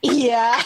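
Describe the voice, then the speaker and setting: A woman's voice: a little high, heavy background noise. A woman from Minnesota with a Minnesotan accent, co-hosting a podcast in casual, upbeat chat, laughing often. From Minnesota, USA. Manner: chatty and upbeat, laughs often, many "like" fillers. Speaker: podcast co-host.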